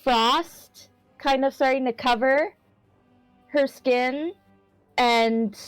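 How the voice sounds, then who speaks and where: A woman's voice: sits high, drawn-out words, smooth, no echo, faint music behind, poor audio. A woman playing a tabletop game, describing her character with lots of fillers and hedges. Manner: rambling with many fillers and hedges. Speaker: player.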